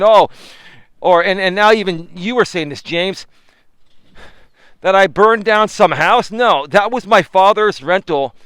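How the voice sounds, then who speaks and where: A man's voice: sits high, a bit bright, clear, resonant tone, dry recording. A man, a life coach, talking casually to a live chat while walking outdoors in a park, filming on a selfie stick, laughing often and preaching in asides. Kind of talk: live-streamed walking talk. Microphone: camera on a selfie stick.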